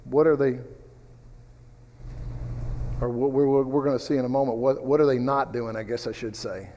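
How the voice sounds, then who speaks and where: A man's voice: medium pitch, steady tone, normal speed, dark tone, in a large hall, slight background noise. Man teaching a rambling, chatty Bible class. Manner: rambling, with personal stories and asides. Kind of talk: conversational Bible study teaching. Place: church classroom.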